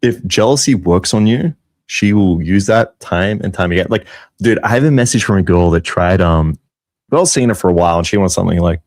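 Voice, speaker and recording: A man's voice: sits low, expressive, fairly quick, a little mellow, dry recording, clean studio sound. A man co-hosting a casual podcast, laid-back and swearing casually. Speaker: podcast co-host, coach.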